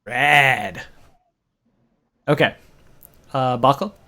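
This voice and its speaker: A man narrating as game master of a tabletop game, relaxed and hesitant, with many fillers. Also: mid-range voice, drawn-out words. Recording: muffled lo-fi recording.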